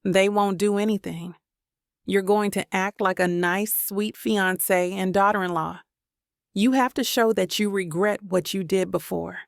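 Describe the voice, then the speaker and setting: A woman gives voice to a wealthy young man who is bitter and set on revenge. His threats come out cold, with a gravelly edge. The sound is dry and close. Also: mid-range voice, fairly even intonation, unhurried, dry recording. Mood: smug.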